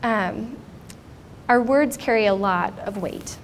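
A woman's voice: medium pitch, takes it slowly, slight background noise. A woman in her thirties speaking at a conference, telling a personal story in an earnest, reflective way. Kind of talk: personal testimony talk. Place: conference stage.

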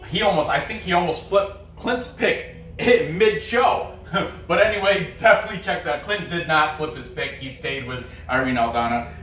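A man's voice: fairly high pitch, moderate pace, pushed and bright. Chatty man in a roomy, distant recording. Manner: rambling, chatty, laughs and trash-talks. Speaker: host of a fight picks show. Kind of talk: casual picks roundup. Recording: roomy echo, distant mic, faint music.

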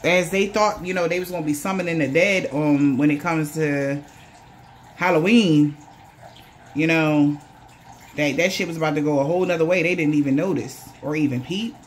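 A woman does a loose, casual tarot reading, swearing freely and putting on the voices of the people she talks about. Her voice is low and moderately paced, with slight background noise.

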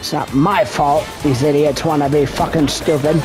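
A man giving casual gameplay commentary, excitable and full of profane trash talk. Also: on the high side, normal speed. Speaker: gamer streaming gameplay. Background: game music.

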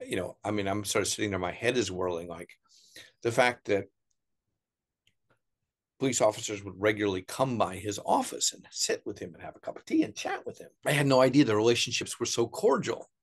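A middle-aged American man telling stories as an interview guest, animated, putting on voices for the people he quotes. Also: fairly low pitch, brisk. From United States. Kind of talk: casual storytelling interview.

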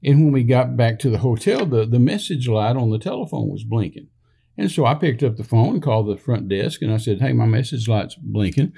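A man's voice: mid-range voice, expressive, a little fast, creaky, dark tone, breathy edge. An older man from Texas, a minister telling a rambling personal story in casual conversation, with many fillers and restarts, acting out the dialogue he quotes.

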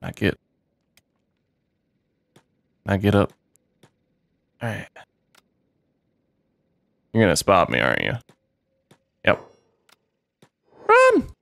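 A young man commenting on his own playthrough of a game, reacting excitably and swearing freely, with sudden yelps. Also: low-pitched, takes it slowly, creaky, long pauses, dry recording, clean studio sound. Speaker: gamer playing a modded game. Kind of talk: let's play commentary.

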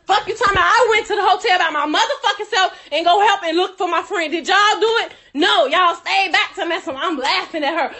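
A woman's voice: very high-pitched, fairly bright tone. A woman delivering a heated, profane rant, cursing and laughing through her anger. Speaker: friend telling her side.

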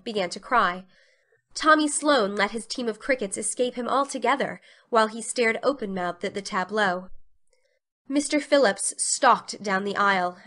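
A woman narrating a classic novel as a dramatic storybook reading, with expressive storytelling. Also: medium pitch.

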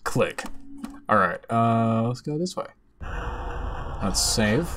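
A man's voice: mid-range voice, animated, slow pace, pauses often, noisy background. A man hosting a let's play, making jokey commentary and reading game text aloud. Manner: jokey, reads game text aloud, yelps when startled. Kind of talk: gameplay commentary. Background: game music.

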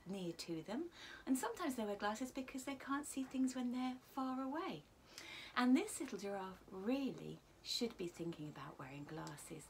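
Animated woman reading a story to children. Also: mid-range voice, a little hiss or hum. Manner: animated, asks children questions, often drops to a whisper. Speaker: teacher. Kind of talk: reading a picture book to children.

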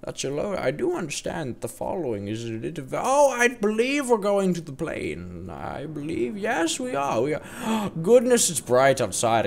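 A man voicing a theatrical male storyteller in a put-on accent, narrating a game cutscene with a dramatic, drawn-out delivery. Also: on the high side, gravelly, a little hiss or hum, voice pushed up.

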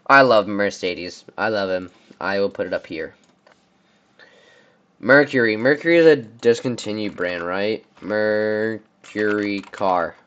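A man's voice: on the low side, fairly bright tone, muffled recording. A young man from the United States giving casual, rambling commentary on car brands, often stumbling over names. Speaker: car reviewer. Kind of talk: casual commentary on a tier list.

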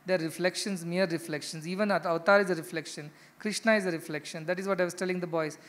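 Speaking fast with a high-pitched, somewhat bright voice and fairly even intonation, this middle-aged man with an Indian English accent delivers a spiritual discourse to ashram residents. As their teacher, he is emphatic, firing off rhetorical questions and returning again and again to key phrases.

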